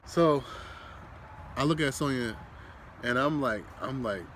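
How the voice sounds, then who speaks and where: A young man vlogging with his wife, casually retelling a rough camping night in a relaxed, slangy way. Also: medium pitch, slow pace, a little hiss or hum. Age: young adult. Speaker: vlogger, husband. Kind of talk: casual storytelling chat.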